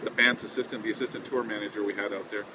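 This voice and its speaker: A man's voice: fairly low pitch, steady tone, racing. Chatty man telling a tour story outdoors. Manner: chatty, laughing, with fillers. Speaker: touring band member telling a tour story. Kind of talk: casual anecdote. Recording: windy outdoor noise.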